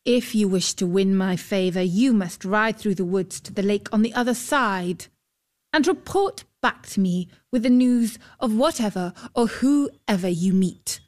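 A woman's voice: medium pitch, lively intonation, measured pace, darkish tone, lightly acted. A woman playing a haughty young maiden. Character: proud dark-haired young maiden, disdainful.

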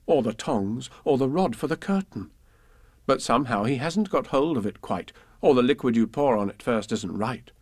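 A man reads children's poems and stories aloud in a gentle, measured way. His voice sits at an ordinary pitch and is recorded close and dry. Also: lively intonation, no echo. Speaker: reader.

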